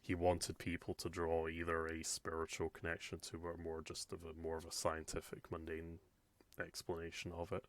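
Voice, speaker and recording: A man with a very deep voice hosts a laid-back group reaction chat. He swears now and then, and his voice is recorded close and dry, with no room sound. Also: completely flat delivery, moderate pace, dry recording. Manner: laid-back, laughs often, swears casually. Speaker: host.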